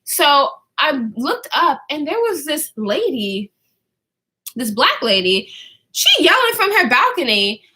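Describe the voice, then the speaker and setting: Animated high-voiced young woman vlogger. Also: slow. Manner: animated, laughing, swearing, acts out quoted voices. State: out of breath at times. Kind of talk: storytime vlog.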